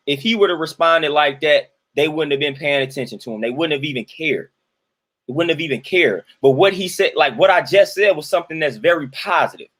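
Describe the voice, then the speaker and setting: A man's voice: fairly high pitch, brisk, fairly bright tone. A man, commenting in a casual monologue and preaching his point through repetition.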